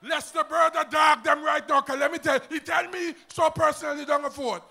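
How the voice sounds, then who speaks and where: A man with an Antiguan accent giving a loud, emphatic political rally speech to a crowd. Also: very high-pitched, fairly even intonation, brisk, vocal fry. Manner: shouting, emphatic, rousing crowd.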